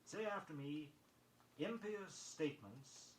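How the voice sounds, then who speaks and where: A man reading a scripted pronunciation lesson, measured and precise, spelling words letter by letter on an old record. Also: a little high, lively intonation, a bit bright. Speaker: vocabulary record instructor. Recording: echoey vintage vinyl recording with faint noise.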